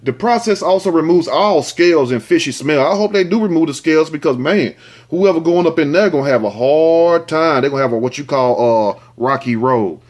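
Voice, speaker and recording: Reading from the news, a host breaks in with crude jokes between lines, turning it into comic commentary. He speaks a little fast in a fairly high, animated voice.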